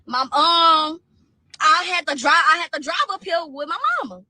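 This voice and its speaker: A woman vents hard in a social media clip, upset and circling back over her words. Her voice is very high and bright. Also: moderate pace, no room sound. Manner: upset, repeats herself, rants. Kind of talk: emotional venting to camera.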